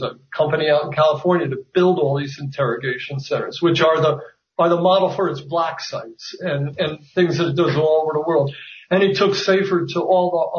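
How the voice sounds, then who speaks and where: A slightly high-voiced man talks haltingly, full of ums and restarts, as an author in an interview. He sounds set back from the mic in a roomy space, and the audio is dull. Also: recorded from a distance. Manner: hesitant, many fillers and restarts. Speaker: author guest. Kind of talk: conversational interview.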